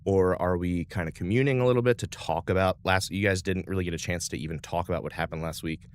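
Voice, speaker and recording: A man's voice: low voice, quick pace. A man narrating as game master in a tabletop space game, casual with fillers.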